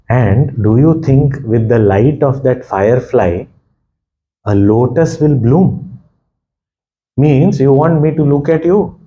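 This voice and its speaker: A man's voice: mid-range voice, mellow, rough recording. A man giving a devotional discourse, retelling a scripture story and explaining its verses. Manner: explains verses, chants Hindi couplets quickly.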